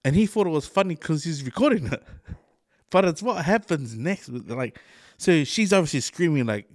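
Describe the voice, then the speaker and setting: A New man hosts a casual podcast, telling stories with a lively, swooping delivery and plenty of swearing. His voice sits a little high. The sound is dry and close. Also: normal speed, dry recording. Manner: animated storytelling, swears often, laughs mid-sentence. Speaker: podcast host. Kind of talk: casual chat.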